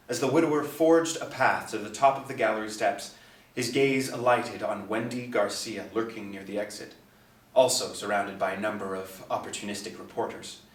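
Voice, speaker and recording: A man narrating a novel in a steady, expressive reading. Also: mid-range voice. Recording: echoey, distant mic.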